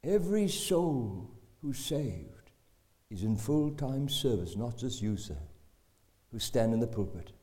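A man voicing a stern dentist who preaches about sin, with a slow, solemn delivery. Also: medium pitch, big pitch swings, warm tone, pitched below the performer's own voice. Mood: earnest.

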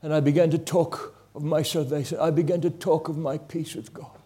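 A man preaching his testimony in a somewhat high, husky voice. He rises to loud, urgent peaks and then drops to hushed, slow lines. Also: steady tone. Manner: impassioned, with wide swings between loud and hushed. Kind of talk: sermon testimony.

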